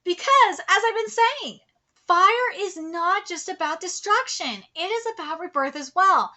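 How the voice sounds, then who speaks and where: A woman's voice: very high voice, expressive, measured pace, bright, forceful tone. A woman in her thirties from California, giving live reaction commentary in a blunt, profane, impassioned way. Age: 30s. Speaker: manga reaction streamer.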